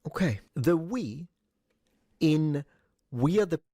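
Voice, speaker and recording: A man's voice: on the high side, lively intonation, slow pace, dark tone, husky, no echo, studio quality. A man giving casual commentary in a mocking, lecturing way.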